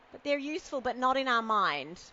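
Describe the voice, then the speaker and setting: A woman's voice: on the high side, sharp tone, dull audio, slight background noise. A woman giving a conference keynote on stage, playful and self-mocking, teasing the audience. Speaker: keynote speaker. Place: event stage with a podium.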